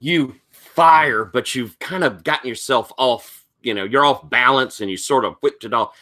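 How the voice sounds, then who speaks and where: A man with a bright, forceful voice leads a tabletop game as its master. He paints the action in loose, improvised descriptions and fills the gaps with easy fillers. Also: mid-range voice, normal speed.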